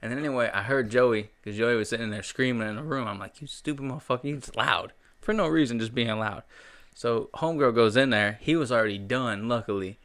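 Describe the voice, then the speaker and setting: A man's voice: medium pitch, fairly quick, fairly bright tone, dry recording. A man in his thirties, a podcast co-host telling a crude story in a brash, profane way. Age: 30s. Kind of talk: casual chat, crude storytelling.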